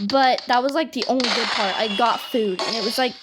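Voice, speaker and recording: A young woman with a high voice tells a storytime tale in a loose, rambling way, piling on slang and fillers. Steady clicking from a mouse and keyboard runs under her voice. The recording is noisy. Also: brisk. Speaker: storytime vlogger. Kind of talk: casual storytelling over gameplay. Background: game mouse and keyboard clicks.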